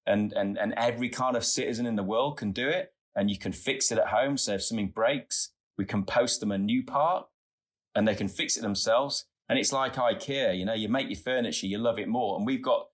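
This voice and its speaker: A man's voice: on the low side, a little fast. A middle-aged Australian man telling earnest, chatty stories as a guest in a casual interview. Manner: earnest, chatty, tumbling anecdotes. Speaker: podcast guest, founder.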